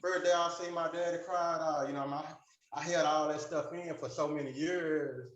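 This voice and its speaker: A man's voice: fairly high pitch, fairly even intonation, normal speed, highs cut off. Rambling man telling his story, echoey room. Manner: rambling, filler-heavy, acts out the dialogue he retells. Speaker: group member sharing his story. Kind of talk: personal storytelling in a support group.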